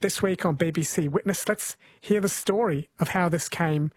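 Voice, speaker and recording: A man hosting a radio show in a relaxed, easygoing way. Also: high-pitched, normal speed, dry recording. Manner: easygoing, relaxed and light, laughs along. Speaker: radio host.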